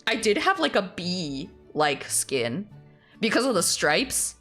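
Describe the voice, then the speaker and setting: A woman's voice: mid-range voice, sing-song, slow, a bit bright, faint music behind. A woman streamer chatting casually, ranting animatedly, laughing often and swearing freely.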